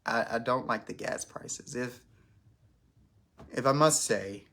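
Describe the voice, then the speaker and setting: Man, gravelly bright voice, rambling casual live stream chat, self-conscious, restarts a lot. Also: medium pitch, takes it slowly.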